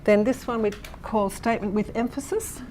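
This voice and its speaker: A woman's voice: fairly high pitch, moderate pace, dark tone, a little hiss or hum. Woman presenter explaining intonation to teachers. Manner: explanatory, many fillers and restarts, checks in with the audience. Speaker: teacher trainer presenting a workshop. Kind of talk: workshop demonstration for teachers.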